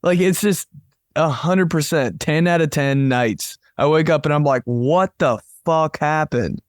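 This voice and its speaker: A man's voice: on the high side, normal speed, dry recording, clean studio sound. A young man co-hosting a podcast over a video call, chatting casually, rambling and laughing while saying "bro" and "dude" a lot. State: sick with phlegm. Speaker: podcast co-host. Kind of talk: casual chat. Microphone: headphones with podcast mic on a video call.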